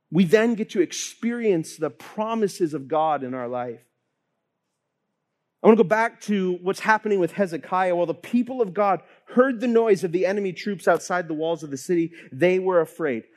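Man, pastor, sermon, high voice, lively storytelling, acts out quotes.

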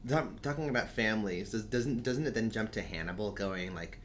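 A man's voice: on the low side, brisk, a bit bright, slight background noise. Chatty male podcast co-host, often laughing. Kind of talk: casual chat.

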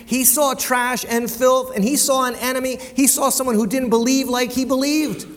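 A man's voice: very high-pitched, flat delivery, normal speed. A male pastor preaching a conversational sermon in a church, often repeating words as he goes and asking the congregation rhetorical questions. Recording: long hall reverb.

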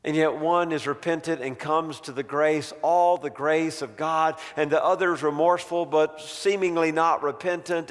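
A man preaching a sermon in a large church hall, telling the story dramatically and letting phrases trail off to near-quiet. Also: medium pitch. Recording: long hall reverb.

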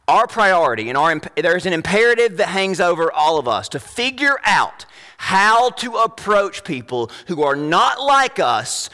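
A young adult man preaching a sermon as pastor, emphatic, rising to loud high peaks. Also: long reverb tail.

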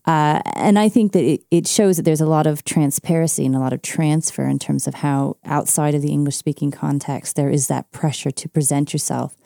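A woman's voice: sits low, steady tone, a little fast, vocal fry, hardly any pauses, mellow, no room sound, clean studio sound. A woman interviewing a researcher, asking long questions and adding emphatic opinions.

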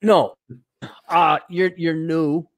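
An American man hosting a casual podcast chat, talking in an animated, joking way with quick asides. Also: on the high side. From United States. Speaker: podcast host.

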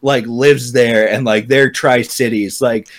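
A man's voice: mid-range voice, steady tone, measured pace. A man from Washington state ranting heatedly in casual chat, swearing constantly as a podcast co-host. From Washington state, USA.

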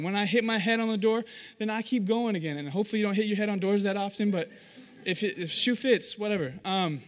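A young man preaching a sermon, telling stories with acted-out voices and poking fun at himself. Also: sits high. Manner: animated, self-deprecating storytelling with acted-out voices.

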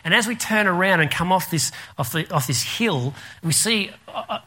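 An Australian man delivers a sermon with a bright, forceful voice that sits a little high for a man. He preaches like an animated storyteller and laughs through his anecdotes. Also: normal speed. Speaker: pastor.

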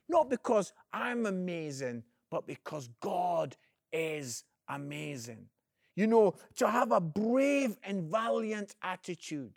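A man's voice: high-pitched, takes it slowly, vocal fry, no echo, clean studio sound. A man, an evangelist, giving an earnest inspirational video message and calling the listener "friend". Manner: energetic, swings between loud emphasis and quiet.

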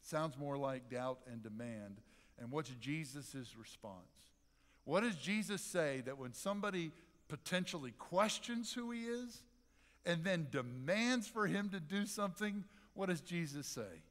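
A man preaching a sermon as pastor, animated and conversational, with dramatic pauses. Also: fairly high pitch, in a large hall. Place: church sanctuary.

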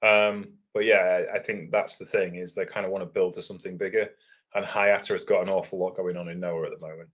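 Deep, husky-voiced man chatting. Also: quick pace, lo-fi sound. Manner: relaxed and analytical, laughs easily. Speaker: wrestling podcast co-host. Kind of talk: casual podcast chat.

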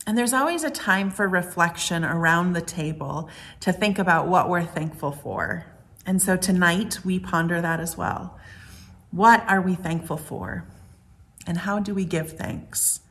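A woman pastor giving a gentle, reflective sermon, asking the congregation many questions. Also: lowish voice, unhurried.

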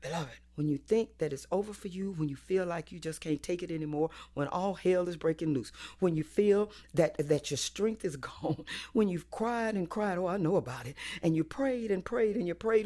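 A woman preaching a sermon in a rhythmic, repetitive cadence, swinging between hushed whispers and loud cries. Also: lowish voice, expressive, normal speed.

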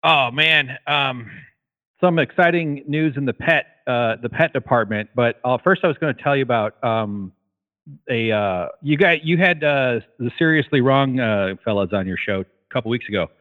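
A man's voice: mid-range voice, animated, normal speed. Rambling man on a tinny phone line. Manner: rambling, many fillers and restarts. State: out of breath. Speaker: guest caller. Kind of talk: casual chat.

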